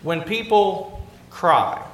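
A man's voice: high voice, expressive, extremely slow, fairly bright tone, echoey room. A middle-aged man preaching a sermon in a conversational way, asking rhetorical questions and repeating phrases for emphasis.

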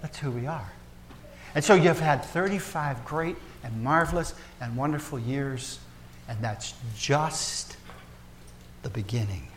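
A man preaching a sermon as pastor, folksy and joking with the congregation, swinging between loud emphasis and soft, hushed asides. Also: mid-range voice, animated, a little slow, a little hiss or hum. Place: church.

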